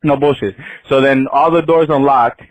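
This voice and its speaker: A man telling a story on a podcast in a casual, animated, profane way, often breaking into laughter. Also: medium pitch, moderate pace, no room sound, dull audio. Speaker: podcast guest.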